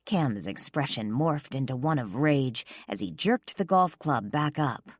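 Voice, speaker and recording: A woman narrating a first-person romance audiobook, expressive and sharp-tongued in dialogue. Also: very deep voice, a little slow, hardly any pauses, no room sound, clean studio sound.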